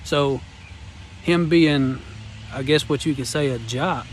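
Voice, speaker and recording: A man's voice: a little high, slow, a little hiss or hum. A man in his thirties telling a heartfelt personal testimony in an earnest, rambling way. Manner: earnest, rambling, Southern-style phrasing. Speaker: vlogger sharing personal testimony.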